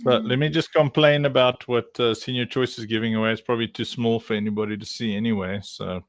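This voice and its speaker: South african guy hosting a stream, rambly and jokey, lots of uhs, middle pitch. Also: fairly even intonation, fast, no echo. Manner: joking, laughs often, rambling with many fillers. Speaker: livestream host. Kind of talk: casual chat.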